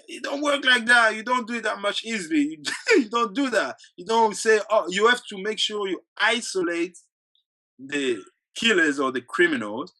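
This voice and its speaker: A man's voice: fairly high pitch, pushed and bright, low-quality recording. A male activist guest in an interview, talking earnestly and at length, with restarts and short laughs between points. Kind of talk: casual interview talk.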